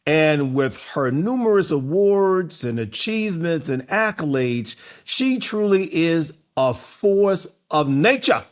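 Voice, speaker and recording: A man hosting a podcast, talking in a theatrical, playful way with booming call-outs. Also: a bit bright. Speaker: podcast host. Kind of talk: flamboyant podcast intro and interview.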